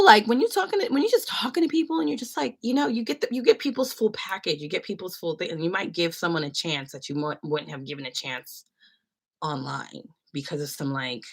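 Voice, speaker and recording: A woman's voice: low-pitched, fairly bright tone. A young woman from San Francisco, chatting and rambling through a story on a livestream, full of fillers. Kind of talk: casual storytelling chat.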